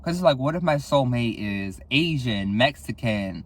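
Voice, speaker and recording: A young man hosting a solo podcast, speaking candidly and casually, swearing a lot, sighing often and jumping up in pitch for dramatic effect. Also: lively intonation, normal speed. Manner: candid and profane, with frequent sighs; dramatic, with sudden jumps in pitch. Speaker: podcast host.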